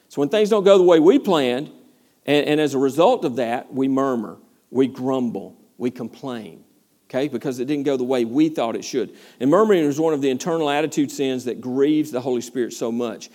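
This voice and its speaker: A man's voice: medium pitch, a little fast. A man teaching a verse-by-verse Bible study as a pastor, preaching with energy, acting out voices and questioning his listeners. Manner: animated preaching, acts out complaining voices, asks the listeners questions.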